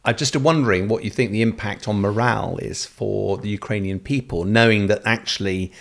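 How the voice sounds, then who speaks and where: A man with a low, gravelly voice hosts a studio podcast. He asks long, thoughtful questions that wander, and he hesitates with fillers as he goes. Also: fairly quick, fairly bright tone. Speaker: podcast host. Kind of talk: casual podcast interview.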